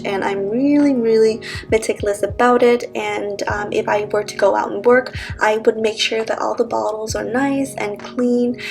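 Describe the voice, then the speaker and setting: A woman's voice: medium pitch, rough recording. A woman vlogger and mother giving an upbeat, chatty voice-over that walks through her daily routine step by step. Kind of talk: voice-over narration of a day vlog.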